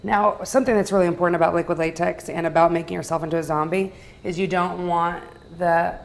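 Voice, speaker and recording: A woman's voice: lowish voice, steady tone, fast, creaky. A woman teaching artist who explains a technique patiently, one step at a time. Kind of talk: instructional explaining.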